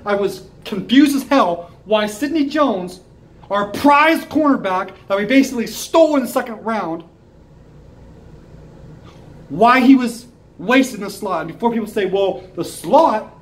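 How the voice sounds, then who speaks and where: A man's voice: extremely high pitch, low-quality recording. A young man ranting as a sports fan commentator, angry and full of profanity.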